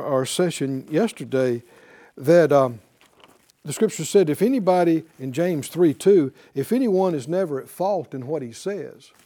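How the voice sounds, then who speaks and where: Animated, high-pitched male preacher. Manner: animated, asks the congregation questions, quotes scripture; chuckles between points. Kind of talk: sermon.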